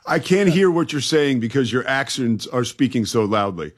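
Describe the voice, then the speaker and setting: A man's voice: medium pitch, expressive, normal speed. A man co-hosting a sports talk radio show, emphatic, stretching key words and laughing easily.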